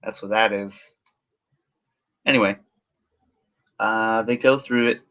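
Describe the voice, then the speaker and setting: A man's voice: lowish voice, steady tone, slow, fairly bright tone. A man giving a casual, rambling film review full of sarcasm and swearing. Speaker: movie reviewer. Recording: dull lo-fi recording.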